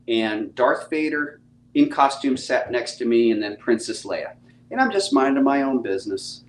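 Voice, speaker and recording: A middle-aged man talks casually with his viewers on a live stream, upbeat and full of laid-back slang. His voice sits in an ordinary mid range. A faint rumble hums underneath. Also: rough recording. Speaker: comic book publisher hosting a live stream.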